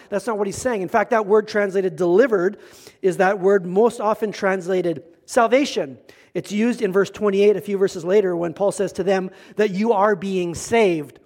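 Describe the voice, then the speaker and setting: Preaching at a moderate pace, this middle-aged male pastor has a light, high voice and a laid-back, conversational manner. When quoting others, he takes on their voices to act the words out.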